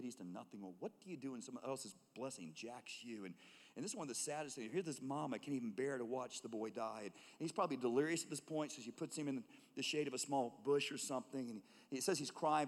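A man preaching a sermon as a pastor, swinging between loud emphatic calls and hushed, low tones. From United States. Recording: long reverb of a large hall.

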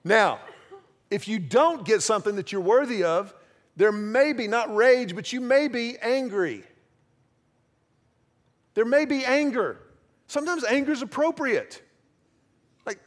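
A man's voice: very high-pitched, expressive, a little slow, pauses often. A man preaching a sermon in a conversational, self-deprecating way, acting out little quoted exchanges. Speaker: pastor.

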